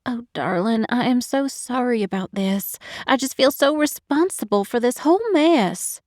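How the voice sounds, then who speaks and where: A woman's voice: on the high side, expressive, normal speed, darkish tone, no echo, studio quality, voice pushed up, close to an everyday voice. A woman voicing a doting, protective older matchmaker with a coaxing, affectionate manner, in an audiobook. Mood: consoling. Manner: coaxing, affectionate, calls everyone darling. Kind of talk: audiobook narration.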